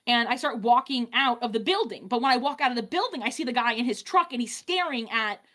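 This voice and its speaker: A woman telling a story in casual chat on a live stream, animated, with many fillers and restarts. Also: fairly high pitch, a little fast. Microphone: streaming mic.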